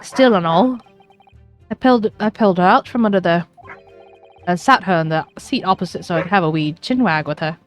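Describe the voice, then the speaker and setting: A woman voicing a chatty, rambling Irish gentleman witness in a put-on Irish accent, full of folksy phrases, over faint game music. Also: on the low side, expressive, brisk, close to an everyday voice. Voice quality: lilting, folksy turns of phrase.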